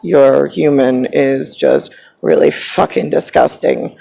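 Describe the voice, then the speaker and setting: Gravelly, husky woman ranting. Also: on the low side, a little slow, darkish tone, low-quality recording. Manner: agitated, swearing, drifting between topics. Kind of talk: rambling personal rant.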